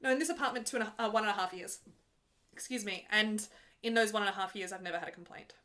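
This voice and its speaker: A woman's voice: mid-range voice, fast talker, bright, forceful tone. A young woman opera singer talking casually from her apartment, explaining an aria between sung examples in a chatty, patient way with easy laughs.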